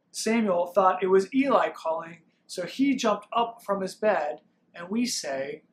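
Slow, gentle children's pastor, a man. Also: sits high, slight background noise. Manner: slow, gentle, with call-and-response prompts. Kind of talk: reading a Bible story to young children.

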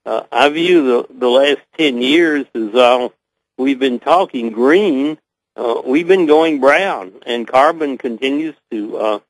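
An older man with a Southern US accent, a guest answering interview questions slowly, with many pauses and fillers. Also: medium pitch, no echo, low-quality recording. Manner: hesitant, many uh fillers, measured.

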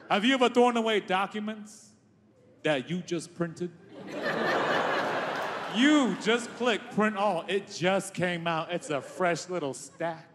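Brief: male stand-up, wry, fairly high voice, long hall reverb. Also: fairly bright tone, a little hiss or hum. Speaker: stand-up comedian. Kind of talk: stand-up routine.

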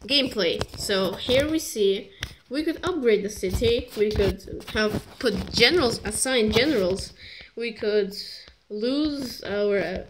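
A woman reviewing a strategy game in rambling, joking commentary that keeps interrupting itself. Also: mid-range voice. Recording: noisy recording with clicks.

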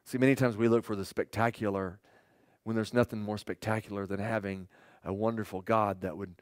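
A middle-aged male pastor preaching a sermon, telling stories animatedly and acting out quoted voices with sudden jumps up and quiet drops. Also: on the low side, steady tone, fairly quick, no echo, clean studio sound.

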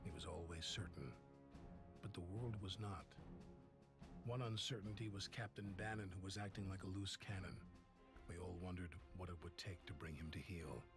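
A man as a deep-voiced soldier narrator. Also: fairly even intonation, natural voice. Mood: solemn. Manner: measured, solemn. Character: solemn male soldier narrator. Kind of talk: scripted narration. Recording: narration over loud game music.

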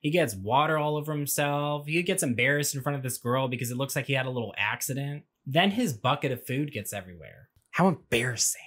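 A man's voice: medium pitch, animated, a little fast, few pauses, fairly bright tone, breathy edge. A man recapping a movie for laughs, with sarcastic, wry asides. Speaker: movie commentary host. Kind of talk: comedic movie recap narration. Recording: audio glitch.

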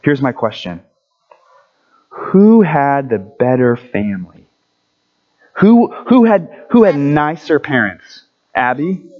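A man giving a children's story at a church service, friendly and animated, asking the kids questions as he goes. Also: mid-range voice, takes it slowly, narrow, tinny audio.

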